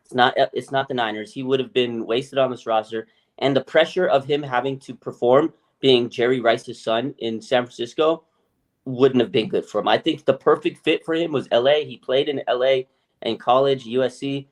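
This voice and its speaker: A man co-hosting a podcast, chatting in a lively, casual way, swearing freely and acting out other people's voices. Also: medium pitch, brisk. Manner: animated, swears freely, acts out quoted voices. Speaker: podcast co-host. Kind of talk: casual sports chat.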